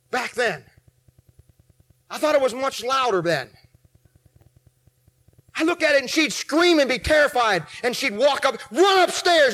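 A man in his forties preaching a sermon, telling a story with animated swings from shouts to low asides. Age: 40s. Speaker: pastor.

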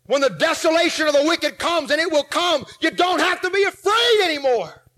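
High-pitched, bright male preacher in his forties. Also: a little fast. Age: 40s. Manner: animated storytelling, acting out scenes, swinging from shouts to low asides. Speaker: pastor. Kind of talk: sermon.

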